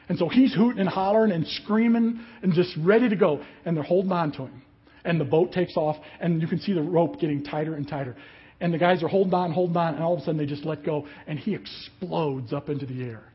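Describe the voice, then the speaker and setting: A man preaching a sermon as a pastor, telling a story with lively acted-out voices. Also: a little high, brisk, breathy edge, highs cut off. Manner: animated storyteller, acts out voices of people in the story.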